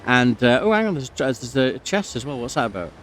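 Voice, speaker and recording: A man's voice: medium pitch, very animated, a little fast, a little hiss or hum. Rambling man chatting over gameplay. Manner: rambling, many fillers, breaks off to comment on the game. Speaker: gamer telling a story while playing. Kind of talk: casual storytelling over gameplay.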